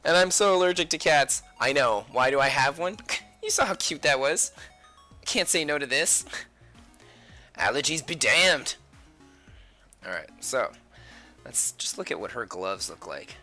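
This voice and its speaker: A man's voice: mid-range voice, animated, measured pace, long pauses, pushed and bright, soft background music. A man chatting casually at home while he draws on a live stream, often muttering and whispering to himself as he sketches. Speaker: artist live-streaming his drawing.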